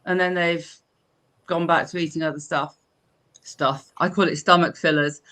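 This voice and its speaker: An older woman from England hosts a relaxed live-stream chat. She tells her stories in a chatty, animated way, stumbling and restarting as she goes. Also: fairly low pitch, moderate pace. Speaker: host.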